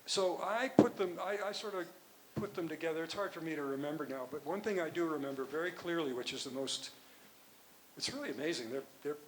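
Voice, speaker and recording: An older man, a physician and author, answering audience questions at a conference in a rambling, halting way with many restarts. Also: on the high side, animated, background noise. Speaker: guest speaker, physician and author.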